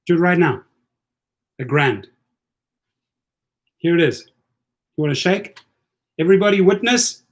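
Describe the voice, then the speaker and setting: A man's voice: on the high side, expressive, measured pace, pauses often. A man hosting a casual livestream, taunting a viewer in a combative, repetitive way. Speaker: livestream host.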